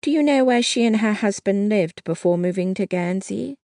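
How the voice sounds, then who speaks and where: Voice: medium pitch, expressive, measured pace, a little mellow, dry recording, studio quality. A narrator voicing a timid, self-doubting young woman who speaks hesitantly and earnestly.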